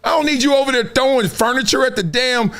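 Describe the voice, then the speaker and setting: A man's voice: very high voice, fast talker, fairly bright tone. A middle-aged man hosting a show, giving an emphatic, preachy commentary monologue with rising exhortations. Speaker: show host.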